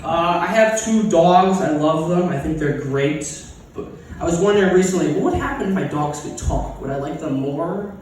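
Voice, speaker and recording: A man's voice: fairly high pitch, normal speed, a little mellow, slight background noise. Crude, rambling man in an echoey room. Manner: crude, sarcastic, rambling with fillers and restarts. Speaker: stand-up comic. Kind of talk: open mic stand-up set. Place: open mic comedy venue. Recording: echoey room miked from a distance.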